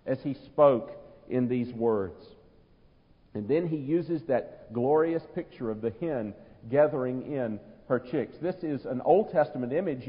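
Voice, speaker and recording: A man preaching an earnest, emphatic sermon, slowing down for the quoted words. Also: fairly high pitch. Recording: dull sound, long church reverb.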